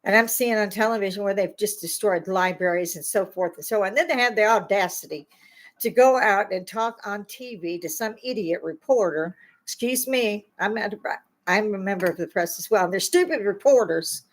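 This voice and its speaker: An older woman who calls herself a grandma on YouTube delivers an angry political rant, bluntly scolding her listeners as her indignation builds. Her mid-range voice runs at normal speed on a rough recording.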